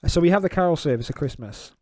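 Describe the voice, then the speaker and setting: A man's voice: fairly high pitch, expressive, fast talker, darkish tone, no echo. A young man co-hosting a podcast, telling stories in casual chat with laughs and swearing. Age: young adult. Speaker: podcast co-host.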